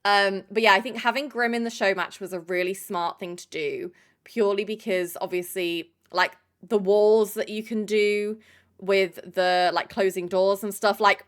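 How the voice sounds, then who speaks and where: A young woman talks loosely to her stream, rambling and swearing freely as she greets chatters by name. Her voice sits at an ordinary middle pitch, easy and conversational. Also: steady tone, moderate pace. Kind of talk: casual live-stream chat.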